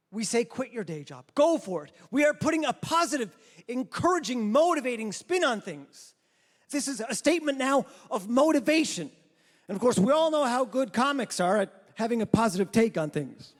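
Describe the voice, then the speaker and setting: Guy hosting stand-up, really high voice, joking at himself, echoey hall. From Newfoundland, Canada. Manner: playful, self-deprecating, punchy delivery. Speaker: comedy festival host. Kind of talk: stand-up comedy. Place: large theater with live audience. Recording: hall reverb, crowd and noise behind.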